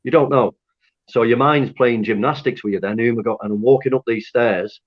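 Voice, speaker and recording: A man from Lancaster, telling his story to an interviewer in an animated, candid way, swearing freely and laughing at himself. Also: medium pitch, brisk. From Lancaster, North West England. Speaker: interview guest. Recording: dull lo-fi audio.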